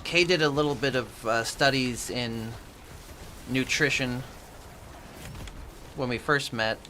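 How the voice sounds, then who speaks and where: A man with a medium-pitched, bright, forceful voice speaks slowly, with slight background noise. Streaming from his apartment at home, he chats casually with viewers while playing, answering their chat messages aloud.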